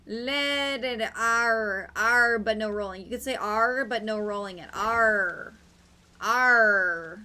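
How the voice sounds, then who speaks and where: Young woman streamer, bright and slightly high, playful and giggly, chatting while she plays. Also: measured pace, few pauses. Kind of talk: casual gaming stream chat.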